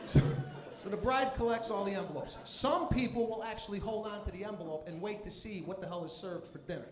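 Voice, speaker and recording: A man doing a stand-up comedy set, animated, shouting his punchlines and working the crowd. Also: high-pitched, a little fast. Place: live comedy stage before an audience. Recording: echoey venue with loud crowd noise.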